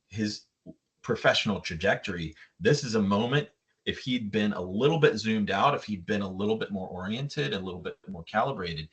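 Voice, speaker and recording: A man's voice: sits low, a bit bright. A man, a yacht designer, talking reflectively as an interview guest and retelling a story at length. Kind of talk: conversational interview.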